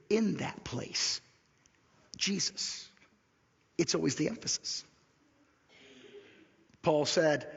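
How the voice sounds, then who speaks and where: A man preaching a sermon as pastor, repeating key lines slowly and dropping to a whisper for emphasis. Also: high-pitched, gravelly, breathy edge. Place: church sanctuary. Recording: dull lo-fi recording in a reverberant church hall.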